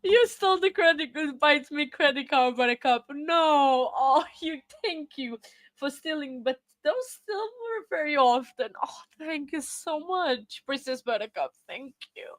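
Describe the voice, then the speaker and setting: A woman hosting a casual livestream, tearful and laughing as she thanks her viewers, halting and repeating herself. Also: sits high, fairly bright tone, no echo. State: crying. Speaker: livestream host.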